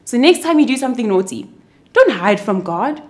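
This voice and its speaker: Animated young woman telling a Bible story to kids. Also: on the high side, moderate pace. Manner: animated, expressive storyteller for children. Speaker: children's church teacher. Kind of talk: kids' Bible story narration.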